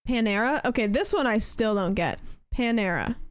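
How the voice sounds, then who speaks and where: A woman's voice: fairly high pitch, expressive, brisk, no echo. A young woman streaming a game, chatting casually and rambling as she answers her chat. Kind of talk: casual chat while gaming.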